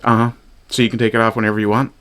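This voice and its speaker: A man's voice: lowish voice, level tone, very fast, fairly bright tone, slight background noise. A man from Newfoundland giving sarcastic, profane reaction commentary on clips. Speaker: commentary streamer.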